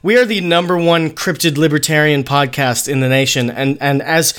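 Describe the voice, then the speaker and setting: A man hosting an improvised comedy podcast, interviewing in a halting, stammering way. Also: on the high side, steady tone, a bit bright, clean tone. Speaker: podcast host.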